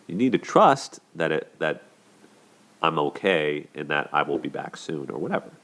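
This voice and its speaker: A man with a strikingly low, deep voice hosts a casual relationship commentary. He speaks conversationally, now and then acting out quoted lines in a lifted voice. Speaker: host of a relationship commentary show.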